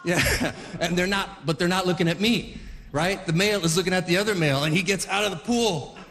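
High-voiced male comic in his forties, rambling, long hall reverb. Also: fairly quick, fairly bright tone. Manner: rambling, self-interrupting, chuckling. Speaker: stand-up comedian. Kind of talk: stand-up comedy.

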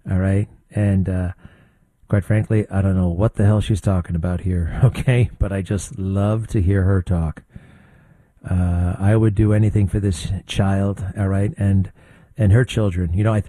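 An older man hosting a talk show, giving blunt, conversational political commentary with quick asides. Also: sits low, steady tone, dark tone, no echo. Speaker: radio talk show host.

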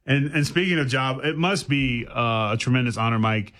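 A man's voice: mid-range voice, moderate pace, a bit bright. Male radio host, casual, joking, loose questions. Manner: chatty, joking, stumbles into questions.

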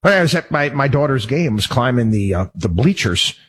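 A radio talk show host delivers an indignant, worked-up monologue, rambling casually with restarts and repeated words. His husky voice is medium-pitched and sing-song, at normal speed.

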